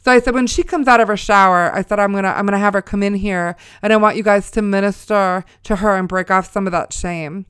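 Woman with a smooth resonant voice. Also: medium pitch, fairly even intonation, quick pace, few pauses, fairly bright tone, no echo, clean studio sound. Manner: conversational storytelling with preacher-like asides. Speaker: mother sharing a testimony. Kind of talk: spoken testimony.

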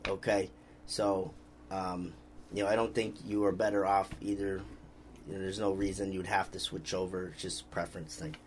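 A deep-voiced man hosts a casual podcast, rambling in a laid-back way and reading out viewer comments. His tone stays level and his pace moderate, with a little hiss or hum on the recording.

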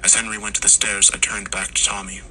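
A man reading a scripted horror story in slow, hushed tones, sometimes dropping to a whisper. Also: on the low side, level tone, slight background noise, poor audio. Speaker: narrator.

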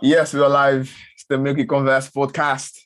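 A man's voice: medium pitch, monotone, normal speed, a bit bright, faint music behind. A young man with a Nigerian accent co-hosting a podcast in casual, rambling, self-deprecating chat. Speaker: podcast co-host.

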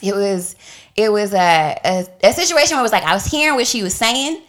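A young woman tells a personal story to friends in a relaxed chat. Her voice sits at a middle pitch, and she gets animated, acting out each quoted line with big jumps. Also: fairly quick.

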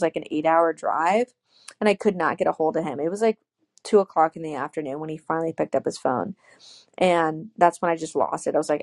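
Woman in her 20s ranting a story, lots of likes, kinda gravelly, super dry sound. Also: on the low side, dry recording. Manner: animated storyteller, acts out quotes, many "like"s. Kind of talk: casual chat, telling a personal story.

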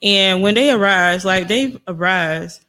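A woman's voice: mid-range voice, measured pace, pushed and bright. A woman co-hosting a casual faith chat, speaking earnestly about God, healing and forgiveness.

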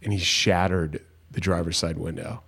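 A young male host with a fairly low voice chats casually with his guest. He backs the guest up often and grows animated when he tells his own stories. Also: moderate pace, creaky, breathy edge. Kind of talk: casual chat.

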